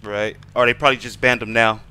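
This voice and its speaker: A man's voice: medium pitch, steady tone, fast, bright, forceful tone, smooth. A young man ranting profanely over his gameplay as a gaming streamer. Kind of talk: casual gameplay commentary.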